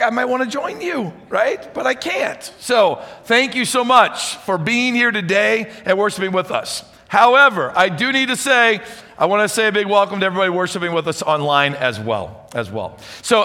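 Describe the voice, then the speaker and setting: Energetic high-voiced pastor in a hall. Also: male voice. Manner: energetic, chatty, animated. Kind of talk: sermon. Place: church hall with audience. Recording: reverberant church hall.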